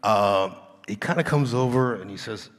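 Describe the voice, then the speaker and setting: A man being interviewed on a convention stage, telling stories from his acting work with a relaxed, laughing manner. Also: fairly low pitch, moderate pace. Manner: relaxed storyteller, laughing often. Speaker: actor guest on a panel. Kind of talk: anecdotal storytelling. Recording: reverb of a large hall.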